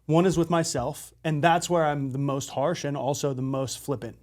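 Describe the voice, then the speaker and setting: A man's voice: on the high side, level tone, normal speed, darkish tone. Male co-host, lighter voice, candid, self-mocking chat. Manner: candid, self-deprecating, swears casually. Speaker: podcast co-host. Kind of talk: casual conversation.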